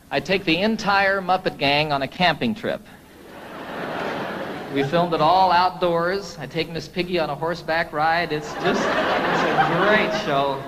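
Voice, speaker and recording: A man's voice: on the high side, fairly bright tone, long reverb tail, a little hiss or hum, low-quality recording. A man, a singer-songwriter, telling a story to his audience between songs in a folksy, chatty way.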